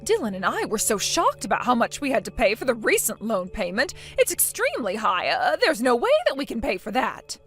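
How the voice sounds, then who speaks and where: A woman's voice: fairly high pitch, sing-song, fairly quick, few pauses, a bit bright, soft background music. A woman reading both sides of a text-message quarrel as a scripted story, scornful and breaking into mocking laughter.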